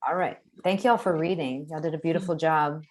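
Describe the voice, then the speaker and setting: Low-voiced woman leading a poetry class. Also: fairly even intonation, a little fast. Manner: encouraging, effusive, laughs often. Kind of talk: warm class discussion on video call.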